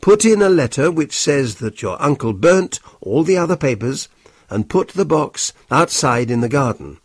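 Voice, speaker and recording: A man voicing a sharp male detective who speaks in a brisk, commanding way, raised above his reading voice. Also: on the high side, very animated, breathy edge, no room sound, clean studio sound.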